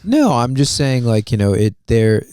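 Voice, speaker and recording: A man in casual chat, agreeing a lot and slowly thinking ideas through. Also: medium pitch, big pitch swings, warm tone, clean tone, no echo. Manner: agreeable, reflective, slow when explaining.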